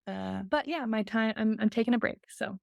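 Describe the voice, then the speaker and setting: Young female co-host, casual and chatty, some vocal fry, dry close mic. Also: a little high, normal speed, darkish tone, no room sound, highs cut off. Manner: chatty, filler-heavy, laughs often. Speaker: podcast co-host. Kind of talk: casual chat.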